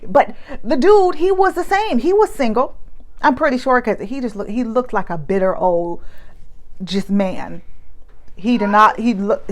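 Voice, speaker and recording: A woman in her thirties talking casually to camera, giving emphatic advice with many fillers and restarts. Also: medium pitch.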